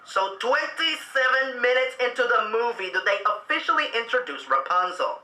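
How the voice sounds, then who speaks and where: A man's voice: very high-pitched, expressive, moderate pace, over loud music. A man reviewing a film in a sarcastic, exasperated, mocking way, narrating and commenting on scenes. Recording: echoey room with faint background noise.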